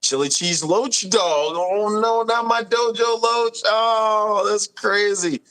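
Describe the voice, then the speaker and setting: A man's voice: high-pitched, slow, pushed and bright. A young man hosting a casual live stream, reading viewer comments aloud with a laid-back, laughing manner.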